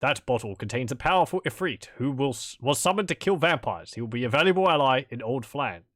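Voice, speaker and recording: A man's voice: mid-range voice, animated, brisk, dry recording, clean studio sound, lightly acted. A man reading aloud the lines of a proud, good male silver dragon from a game, in a stern, lofty way. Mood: solemn.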